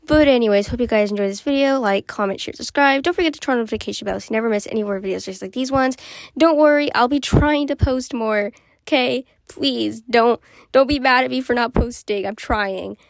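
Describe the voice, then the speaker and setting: A woman's voice: on the high side, creaky, dry recording. A woman vlogger chatting casually in a rambling voice-over, full of fillers. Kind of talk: casual voice-over while drawing. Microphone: voice-over recorded separately from the drawing footage.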